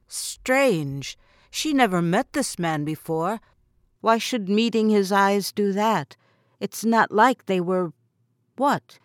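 A woman reads a novel aloud in steady, clear narration. Her pitch sits in the middle of the range. The recording is close and dry. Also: no echo. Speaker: audiobook narrator. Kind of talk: scripted narration.

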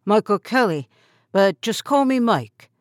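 A woman's voice: medium pitch, animated, a little slow, dry recording, clean studio sound, natural voice. A woman voicing a polite, easygoing young male fisherman. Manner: easygoing, courteous.

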